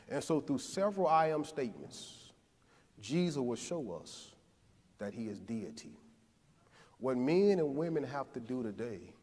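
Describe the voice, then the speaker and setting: A man preaching a sermon in a church, building to near shouts and then dropping low again. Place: church sanctuary. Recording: long church hall reverb.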